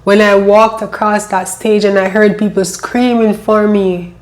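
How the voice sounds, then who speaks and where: Flat-voiced woman telling her story. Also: medium pitch. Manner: emotional, repeats phrases, halting. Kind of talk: personal storytelling.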